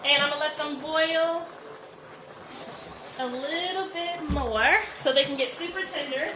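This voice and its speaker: A woman's voice: high voice, unhurried, echoey room, noisy background. A woman hosting a live cook-along, chatting with viewers and greeting them by name while she cooks, recorded on a phone in a kitchen. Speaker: cooking show host.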